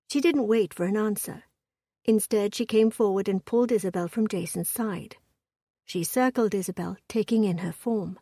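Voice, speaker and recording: A woman narrating a period romance audiobook in an even, measured storytelling voice. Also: mid-range voice, no room sound, clean studio sound.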